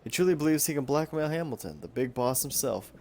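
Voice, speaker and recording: A man's voice: fairly high pitch, lively intonation, a little mellow, slight background noise. Man doing a drawling Southern wife's journal. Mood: mock-solemn. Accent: put-on Southern US drawl. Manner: drawn-out, mock-serious reading. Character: wife writing a journal, put on by a man.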